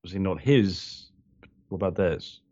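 A man's voice: deep voice, a little slow, mellow, highs cut off. A man playing a tabletop game, asking questions and slipping in and out of character. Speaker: player. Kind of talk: tabletop role-play.

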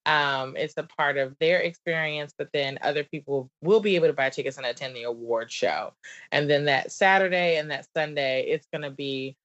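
A low but fairly bright voice at normal speed belongs to this woman in her thirties, who has a Southern accent. Guesting on a podcast as a business coach, she's bubbly and talkative in casual conversation, laughing often and filling her speech with likes and ums; the remote recording is dull and lo-fi.

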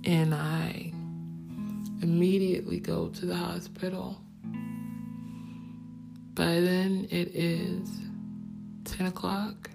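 A woman recounts her own story in a slow, subdued, reflective way. Her low voice is gravelly and stays fairly flat in pitch, with an unhurried pace. Soft acoustic guitar music plays clearly behind her. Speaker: vlogger telling her family story. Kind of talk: personal storytelling.

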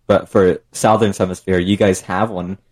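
A man with a fairly low voice co-hosts a loose group podcast over a call. He rambles through long explanations and keeps the chat going. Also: level tone, moderate pace, a little mellow. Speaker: podcast co-host.

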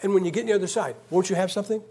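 Husky man preaching emphatically. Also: high-pitched, very fast, warm tone. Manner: conversational, emphatic, joking asides. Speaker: guest preacher. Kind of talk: sermon.

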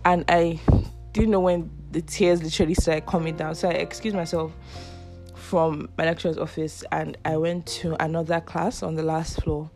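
A woman's voice: deep voice, flat delivery, moderate pace, darkish tone, faint music behind. A young woman, hosting a podcast and telling a personal story casually, laughing often. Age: 20s. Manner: chatty, laughs often, acts out quoted voices. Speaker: podcast host.

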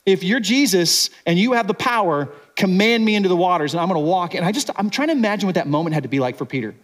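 A man preaching a sermon in a casual, conversational way, acting out what the people in the story are thinking and dropping to a quiet, intense voice for serious points. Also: high-pitched, animated, fast talker. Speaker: pastor.

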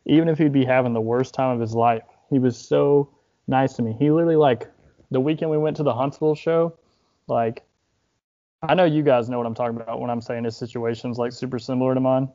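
A young man speaks on a casual podcast at an ordinary, medium pitch. He rambles and swears, leaning on filler words. He sounds grief-stricken, as if fighting back tears, and the recording is a little dull and lo-fi. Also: fairly even intonation, fairly quick, dark tone. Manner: rambling, heavy use of filler "like", frequent swearing. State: grieving, holding back tears. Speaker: podcast host, wrestler.

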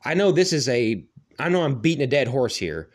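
A man's voice: medium pitch, very animated, a little fast. A man in a casual ranting monologue, swearing freely and rambling with lots of "like" fillers. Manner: profane, rambling, heavy "like" fillers.

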